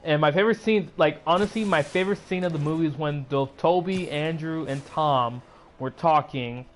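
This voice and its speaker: A man's voice: on the high side, normal speed, a little hiss or hum. A man casually recapping a film for his channel in a loose, rambling way, full of "like" and "uh" and restarted sentences.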